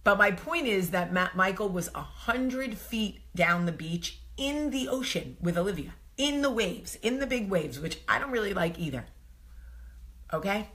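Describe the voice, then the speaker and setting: Animated woman telling a story. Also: on the low side. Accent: New Jersey. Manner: animated, swings to loud exclaiming, laughs often. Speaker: vlog host. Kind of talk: casual storytelling to camera.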